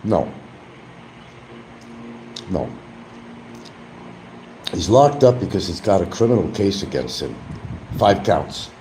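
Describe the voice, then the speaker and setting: A low-voiced man holds forth in a blunt, combative livestream chat. His voice swings widely in pitch and has a dark, mellow tone, with a faint hum of noise behind him. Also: big pitch swings, slow pace, pauses often, poor audio. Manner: blunt, combative, rambling asides; eating while talking at times.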